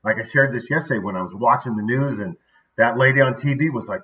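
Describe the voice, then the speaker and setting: A man's voice: mid-range voice, lively intonation, fast talker, sharp tone, distant mic, muffled recording. A man hosting a daily motivational video, talking casually and upbeat, checking in with "right?" asides.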